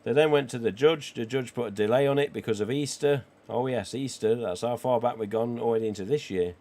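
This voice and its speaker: A man, croaky today, hosting a live stream and chatting cheekily with viewers. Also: mid-range voice, brisk, darkish tone. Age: 40s. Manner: chatty and cheeky, with casual swearing. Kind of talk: casual livestream chat reading viewer comments.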